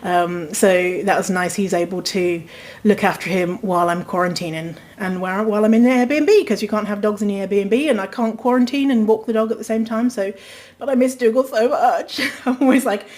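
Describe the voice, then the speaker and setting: Woman podcast host, casual rambling chat, fillers and swearing, mid-pitched voice. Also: normal speed, a little mellow. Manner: chatty, rambling, swears freely, frequent fillers. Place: rented apartment during quarantine.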